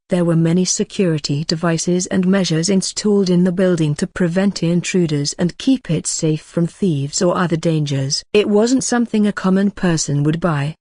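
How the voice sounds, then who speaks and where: An audiobook narrator giving an even, synthetic-sounding scripted reading of a fantasy novel. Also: medium pitch, dry recording, studio quality.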